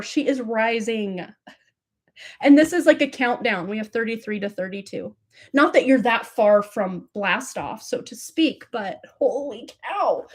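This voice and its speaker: A woman reading tarot cards on a livestream, effusive and gushing, full of spiritual talk and filler words. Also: a little high. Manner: effusive, breathless, spiritual, many likes and fillers. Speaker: tarot reader hosting a livestream.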